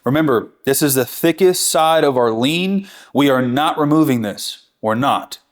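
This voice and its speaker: A man's voice: mid-range voice, expressive, moderate pace. Chatty, enthusiastic man teaching barbecue. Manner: enthusiastic, chatty, self-correcting. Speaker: barbecue instructor. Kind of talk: real-time cooking tutorial.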